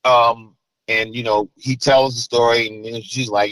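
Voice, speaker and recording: A middle-aged man from New Jersey, a guest in an interview, telling a story with animated bursts as he acts out voices. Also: mid-range voice, unhurried, no echo, rough recording.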